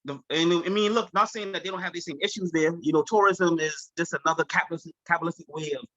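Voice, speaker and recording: A man from Charleston with a Gullah Geechee-tinged accent, telling stories on a video call. His voice is bright and sits a bit high for a man, and he laughs easily through his anecdotes. The audio is dull and muffled. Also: quick pace. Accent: Gullah Geechee-influenced Charleston. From Charleston, South Carolina. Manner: animated, laughs often, mimics friends in quotes. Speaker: chef, guest. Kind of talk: casual conversational storytelling.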